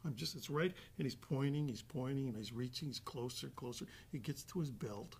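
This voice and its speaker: A man telling a guest anecdote in an animated way, acting out the voices of the other people with frequent restarts. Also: mid-range voice, a little fast, slight background noise. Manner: acts out quoted dialogue with restarts. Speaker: actor guest.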